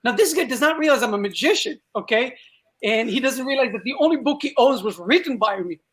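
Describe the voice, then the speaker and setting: Lively Israeli man telling a story. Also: very high-pitched, a little fast. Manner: lively storyteller acting out quoted dialogue. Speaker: guest magician. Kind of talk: casual podcast storytelling.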